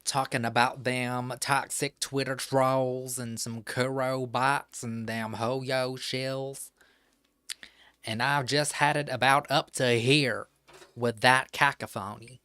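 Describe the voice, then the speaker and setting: Man doing a put-on Southern drawl, folksy old grumbler who's had it up to here, slow and exaggerated, in a dry, close room. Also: mid-range voice, fairly even intonation, pushed and bright, smooth, dry recording. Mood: exasperated. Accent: put-on American Southern.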